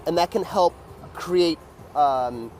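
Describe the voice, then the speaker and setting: A man with a slightly high voice teaches a dance in a loose, chatty way. He fills his talk with "like" and "right?" and marks the beats with sounds like "boom." Faint music plays behind him. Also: slow pace, a little mellow. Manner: loose, filler-heavy explaining with beat sounds like "boom". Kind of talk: casual dance lesson.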